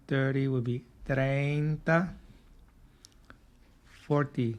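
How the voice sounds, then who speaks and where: Slow, patient male language teacher. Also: medium pitch, fairly even intonation, a little mellow. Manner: patient, repeats and drills words. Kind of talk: slow spoken lesson for learners.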